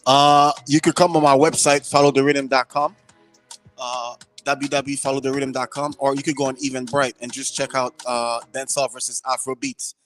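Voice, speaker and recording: A man's voice: medium pitch, flat delivery, moderate pace. A male guest on a morning radio show who talks with easy enthusiasm and says "yeah" over and over. Faint music sits behind his voice. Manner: enthusiastic, repeats "yeah" a lot. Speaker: guest, party promoter. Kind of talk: casual radio interview.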